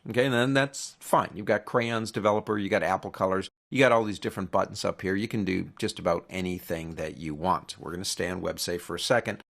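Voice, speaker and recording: A man teaching a software tutorial step by step in a casual, chatty way, with joking, opinionated asides. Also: lowish voice, creaky.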